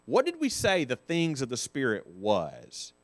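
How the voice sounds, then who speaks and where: A man teaching a Sunday School Bible lesson, putting questions to the class and repeating key phrases slowly for stress. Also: medium pitch, wildly swooping pitch, no room sound.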